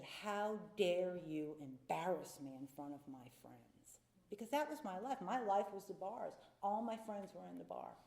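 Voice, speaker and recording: Dark-voiced woman at a podium. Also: on the low side, echoey room. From North Carolina. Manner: candid and confessional, acting out voices from her story. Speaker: AA speaker. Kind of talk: personal recovery talk from a podium.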